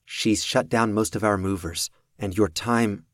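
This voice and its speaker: A man voicing an artificial intelligence that speaks through a wrist device in a calm, matter-of-fact way. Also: lowish voice, unhurried, dry recording, studio quality, pitched above the performer's own voice, natural voice.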